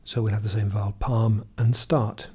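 A man teaching English pronunciation, reading word lists slowly and clearly and asking the listener to repeat. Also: on the low side, flat delivery, mellow. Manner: reads word lists slowly, often drawing words out, with "uh" fillers between them. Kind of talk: slow, deliberate pronunciation drill.

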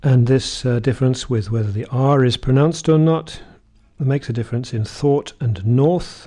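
A man teaching English pronunciation, reading word lists slowly and clearly and asking the listener to repeat. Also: mid-range voice, mellow. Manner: reads word lists slowly, often drawing words out, with "uh" fillers between them. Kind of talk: slow, deliberate pronunciation drill.

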